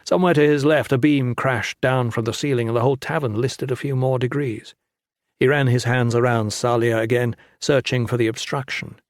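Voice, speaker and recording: A man's voice: medium pitch, moderate pace, dry recording. Man narrating a fantasy audiobook, dry. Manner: steady, dramatic storytelling.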